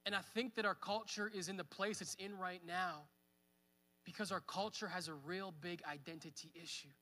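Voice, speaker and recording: A man's voice: high voice, steady tone, normal speed, bright, forceful tone, in a large hall. A man in his thirties preaching a sermon at church, conversational, with fillers. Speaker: pastor. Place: church hall.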